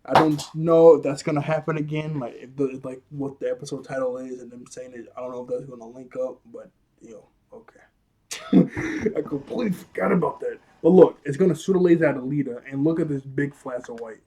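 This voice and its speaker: A man's voice: medium pitch, quick pace, few pauses, warm tone. A man casually recapping a cartoon episode, chatty and rambling, laughing often and using slang.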